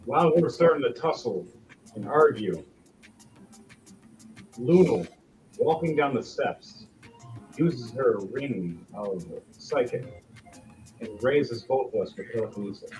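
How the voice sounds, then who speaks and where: A man's voice: mid-range voice, expressive, slow, long pauses, recorded from a distance, faint music behind, rough recording. A man running a tabletop game as game master, narrating theatrically.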